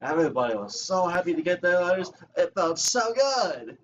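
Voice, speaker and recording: A man reading game text in a squeaky falsetto, voicing a cheery young female kitten villager in a sing-song way. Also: very animated, normal speed, distant mic. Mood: sunny. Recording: slightly muffled home recording.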